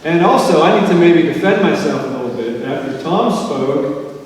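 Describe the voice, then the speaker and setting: A man preaching from a church pulpit, his slightly high voice landing from a distance in a big, echoing sanctuary. He moves between chatty greetings with small jokes and a measured Bible reading and prayer. Faint room sound sits under his words. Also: animated. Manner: warm, informal church greetings, joking asides. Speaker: pastor. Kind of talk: sermon. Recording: echoey church from far off.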